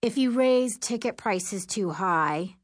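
A woman's voice: mid-range voice, animated, takes it slowly, no echo, studio quality. A woman voicing a theatrical, indignant teenage student.

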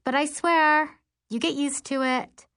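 A woman's voice: high-pitched, fairly even intonation, takes it slowly, fairly bright tone, voice pushed up, full character voice. A woman voicing a chatty, eager teen girl at camp in an audiobook. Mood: chirpy.

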